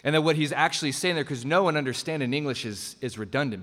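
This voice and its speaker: A man's voice: fairly high pitch, quick pace, few pauses, a bit bright. A man preaching a sermon as pastor, earnest and emphatic, often repeating himself as he builds a point. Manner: earnest, emphatic preaching with frequent restarts and asides. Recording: long reverb of a large hall.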